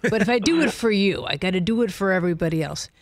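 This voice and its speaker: A woman playing a gruff, dismissive older male movie star who gives a lowered brush-off. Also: lively intonation, fast, dry recording.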